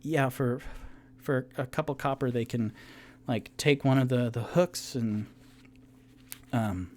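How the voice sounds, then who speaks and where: A man voicing a weary, battered dragonborn bartender who speaks haltingly in a casual drawl. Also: medium pitch, a little mellow, close to an everyday voice.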